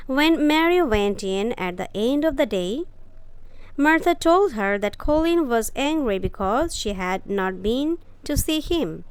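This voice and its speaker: A woman reads a storybook aloud for English learners, slowly and with deliberate care. Her voice sits somewhat high and sounds smooth and crisp, recorded close and dry. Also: lively intonation, no room sound. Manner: careful, deliberate reading with brief explanations.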